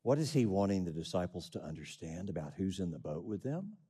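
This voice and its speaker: Animated male preacher, lively pitch. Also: a little fast, breathy edge. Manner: animated, rising emphasis on questions. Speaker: pastor. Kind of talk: sermon.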